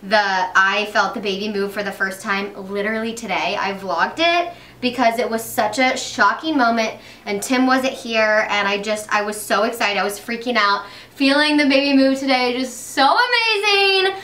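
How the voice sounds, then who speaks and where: Bright, chatty young woman doing makeup. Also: mid-range voice, normal speed, echoey room, recorded from a distance. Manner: chatty, upbeat, many fillers and restarts. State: pregnant. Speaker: beauty vlogger. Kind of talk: casual chat while doing makeup.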